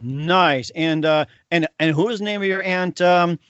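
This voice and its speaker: Middle-aged talk show host, slightly higher voice, muffled dry recording. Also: male voice, fairly bright tone, smooth, no echo. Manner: friendly, quick affirmations, interviewer. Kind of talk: interview.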